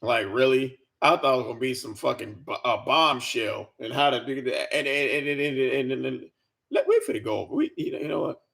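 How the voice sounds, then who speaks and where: A man's voice: medium pitch, a little fast, vocal fry, fairly bright tone. A man giving an exasperated, profane reaction rant, stammering and repeating himself as he talks. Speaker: commentary vlogger. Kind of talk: ranting reaction commentary.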